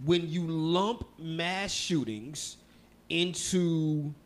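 Podcast co-host, man from Texas, fairly high voice, casual, swears, laughs often. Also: extremely slow. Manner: loose, profane, laughing storyteller. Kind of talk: casual chat.

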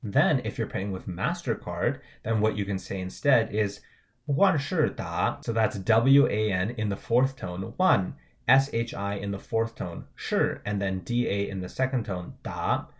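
Man, lowish voice, casual lesson podcast co-host, spells out pinyin and tones. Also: measured pace, few pauses. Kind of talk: casual teaching banter.

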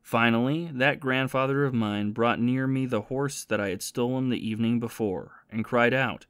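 Remorseful ex-soldier and thief confessing his past, read by a man, steady and plain, dry booth sound. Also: medium pitch, normal speed, clear, resonant tone, dry recording, natural voice. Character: remorseful former soldier and thief, haunted by guilt.

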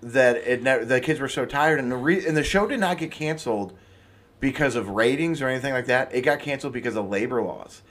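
A man co-hosting a casual podcast, talking in a rambling way and correcting himself as he goes. His voice sits at an ordinary middle pitch. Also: brisk, a bit bright. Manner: rambling, self-correcting storyteller. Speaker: podcast co-host. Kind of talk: casual chat.

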